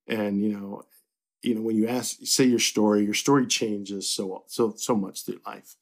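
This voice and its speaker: Gravelly-voiced middle-aged man, low and unhurried. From Kentucky. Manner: relaxed and reflective, with many fillers and restarts. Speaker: newspaper publisher, guest. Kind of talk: casual interview.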